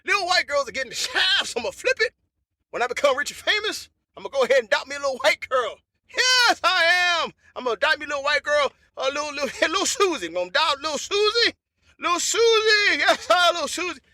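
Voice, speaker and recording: Very high, bright-voiced man riffing comedy. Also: racing, dry recording. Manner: animated, repeats phrases, bursts of laughter. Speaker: comedy podcast host. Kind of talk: loose comedic monologue.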